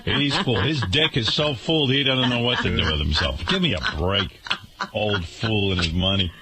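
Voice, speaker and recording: A man's voice: fairly low pitch, normal speed, heavy background noise. A man hosting a radio talk show, ranting indignantly and sarcastically.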